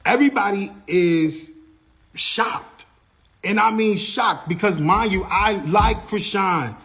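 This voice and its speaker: A man vlogging, casually retelling a backstage incident in an animated way and acting out what people said. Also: high-pitched, unhurried, creaky. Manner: animated retelling, acts out quoted dialogue, many "like" fillers. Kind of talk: casual storytelling vlog.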